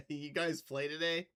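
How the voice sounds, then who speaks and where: A man's voice: on the high side, fairly bright tone. A man streaming casually, laid-back, laughing often as he reacts and chats.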